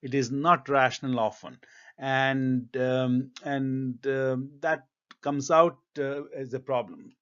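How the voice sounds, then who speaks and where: A man giving career advice in a reflective monologue, speaking in a measured, thoughtful way with frequent ums and uhs. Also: mid-range voice, fairly even intonation, fairly bright tone, highs cut off.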